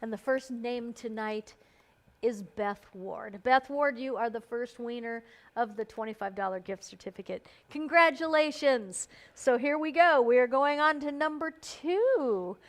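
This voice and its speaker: Woman, live-stream host, casual chat, bubbly, fairly high pitched. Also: measured pace. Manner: bubbly, chatty, playful emphasis on names.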